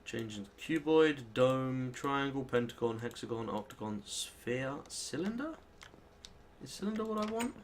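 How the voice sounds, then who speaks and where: Rambling British lad narrating gameplay. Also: male voice, medium pitch, animated, measured pace, slight background noise. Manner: rambling, self-deprecating, thinks aloud while playing. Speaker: let's play host. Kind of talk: casual gameplay commentary.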